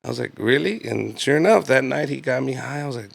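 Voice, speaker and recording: A man's voice: medium pitch, quick pace, creaky, no room sound. A man in his late thirties, a comedian guest telling casual, profane stories and laughing often. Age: 30s. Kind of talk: casual storytelling.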